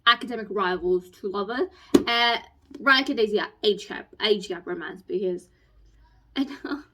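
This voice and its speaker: A young woman ranting about books on her vlog, gushing, fast-talking and squeaky when excited. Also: noisy background. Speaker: book vlogger. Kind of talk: casual book review rant.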